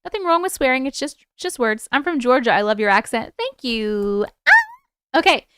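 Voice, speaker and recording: A woman with a New York accent hosts a livestream, reading viewer stories and chatting loosely with her audience. She swears freely and laughs a lot, in a fairly high, smooth voice recorded dry and close. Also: expressive, a little fast, fairly bright tone, dry recording. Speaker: livestream host.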